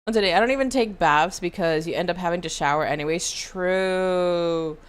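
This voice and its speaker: A woman's voice: lowish voice, moderate pace, clean tone. Slangy laughing woman streamer. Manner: slangy and laughing, calls chat "dude" and "brother". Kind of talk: casual chat while streaming a game.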